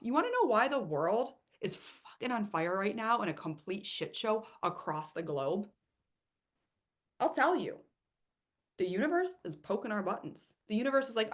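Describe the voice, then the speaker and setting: A woman coach giving an emphatic, animated motivational talk, with casual swearing and acted-out asides. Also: medium pitch.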